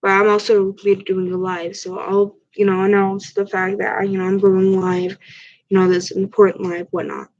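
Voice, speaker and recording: A woman's voice: medium pitch, level tone, moderate pace, a little mellow. A woman vlogger chatting casually to camera, rambling with ums and restarts, stuffed up from a cat allergy. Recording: dull lo-fi recording.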